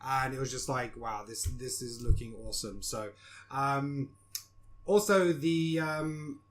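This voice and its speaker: A man's voice: mid-range voice, unhurried. A man hosting a casual film podcast, talking loosely with fillers and putting questions to his co-hosts. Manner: relaxed, many fillers, asks co-hosts questions. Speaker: podcast host.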